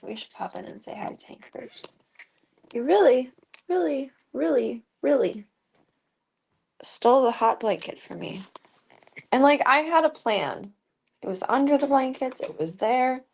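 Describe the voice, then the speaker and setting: A woman streamer chatting casually and rambling as she moves around her home, slipping into baby talk with her cats. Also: on the high side. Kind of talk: casual live-stream chat.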